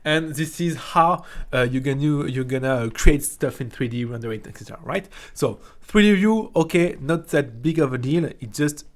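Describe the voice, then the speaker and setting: A man from France with a French accent, a 3D software teacher giving a casual, jokey tutorial that keeps checking in with "right?". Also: a little high, lively intonation, moderate pace, few pauses. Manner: chatty, jokey, ends phrases with "right?". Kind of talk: casual screen-recorded tutorial.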